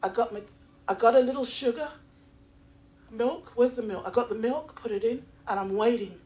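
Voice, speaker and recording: An English woman performs open mic stand-up, telling her story in an animated way and acting out the voices. Her voice sits high for a woman. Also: normal speed. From England. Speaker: stand-up comic. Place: small comedy venue.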